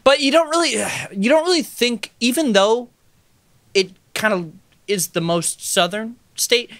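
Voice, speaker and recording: A young man chatting on a podcast, thinking out loud and hedging with fillers and unfinished sentences. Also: very high voice, measured pace, no room sound. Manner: thoughtful, hesitant with fillers and trailing sentences. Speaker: podcast co-host. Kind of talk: casual chat.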